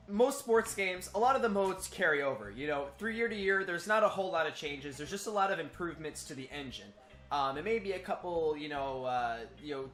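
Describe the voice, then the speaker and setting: A young man talks through gaming news in bursts, filling his pauses with ums and uhs. His voice is a bit high and tense and bright. Soft background music sits under him. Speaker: podcast co-host. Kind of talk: casual gaming news chat. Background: faint background music.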